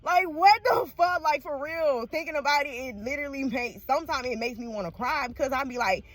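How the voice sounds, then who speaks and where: A woman's voice: high-pitched, a little fast, fairly bright tone. A woman vlogging in a casual, emotional way, blunt and profane, often laughing through tears. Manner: emotional, swings between laughing and crying; blunt and profane, heavy slang. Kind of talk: casual personal vlog talk.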